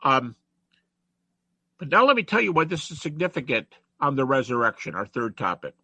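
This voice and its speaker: A man's voice: mid-range voice, very animated, moderate pace, sharp tone, breathy edge, no room sound. A man giving a conversational classroom lecture to students, reciting rhymes and verses as he goes.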